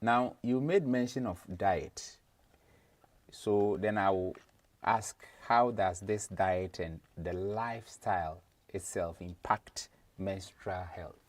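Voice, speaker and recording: A man's voice: deep voice, slow. A man hosting a health talk, asking questions hesitantly with restarts. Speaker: host. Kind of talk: interview questions.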